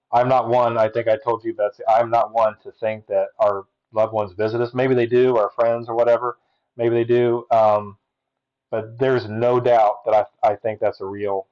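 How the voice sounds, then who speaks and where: A man's voice: lowish voice, darkish tone, highs cut off. A man as a podcast guest, earnestly telling a personal story, often restarting and acting out quotes.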